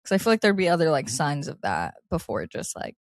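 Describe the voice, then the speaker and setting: Animated woman co-hosting an advice chat. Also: low voice, a little fast, dry recording, studio quality. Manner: animated, laughs often, reads listener letters aloud. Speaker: podcast co-host.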